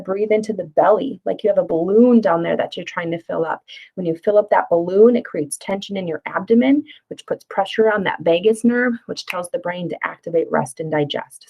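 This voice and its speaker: A woman's voice: on the low side, creaky, muffled recording. A middle-aged woman presenting a parenting workshop in a friendly, conversational way, with fillers and playful acted-out asides. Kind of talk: casual spoken workshop lesson.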